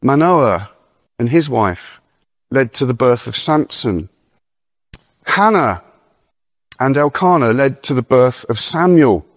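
A man preaching an earnest, encouraging sermon, reading scripture slowly and breaking off for informal asides and questions to his listeners. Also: medium pitch, animated, dry recording, clean studio sound. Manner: reads verses aloud slowly and deliberately.

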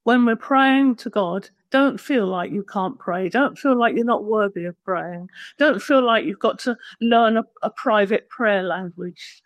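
A woman's voice: mid-range voice, a little slow, no room sound. A woman preaching a conversational sermon, plain-spoken and self-deprecating.

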